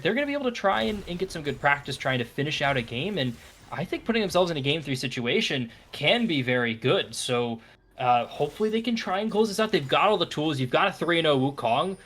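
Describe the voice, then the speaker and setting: A man giving relaxed, analytical commentary on a live esports match, thinking aloud with frequent fillers and restarts. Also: fairly high pitch. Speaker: esports caster. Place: broadcast booth.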